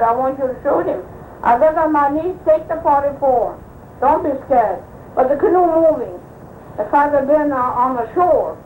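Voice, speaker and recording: A high-pitched older woman recalls past adventures in a loose, rambling way, putting voices to the people she quotes. The old tape has a roomy, echoing sound with a faint hiss underneath. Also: narrow, tinny audio. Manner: rambling anecdotal telling, acting out quoted speech. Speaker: oral history interviewee. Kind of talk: recounting old personal stories.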